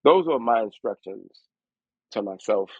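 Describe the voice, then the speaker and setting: Lower-voiced man on a tinny line. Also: a little slow, husky, no echo. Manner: lively, acts out other people's voices in his stories. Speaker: guest rapper. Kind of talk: storytelling interview. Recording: dry, tinny phone-like line.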